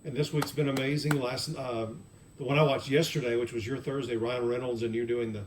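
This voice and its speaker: A man's voice: mid-range voice, little pitch movement, a little fast, noisy background. A man interviewing a guest in a casual chat, asking questions with short interjections.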